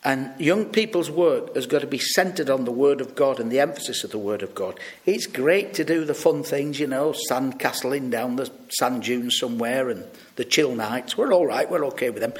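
A man's voice: mid-range voice, moderate pace. A British man preaching a sermon, telling stories and acting out the people he quotes. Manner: storytelling, lively, acts out quoted voices.

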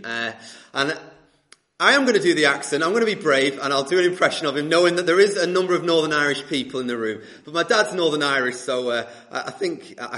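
A man's voice: fairly high pitch, pushed and bright. A man in his twenties preaching a sermon to a congregation, asking rhetorical questions and repeating phrases for emphasis. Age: 20s. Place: church hall with congregation.

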